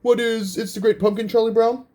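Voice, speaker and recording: A man's voice: very high voice, steady tone, fairly quick, a little mellow, voice pushed up. A man voicing a confident male game show contestant, answering plainly in a slightly raised voice.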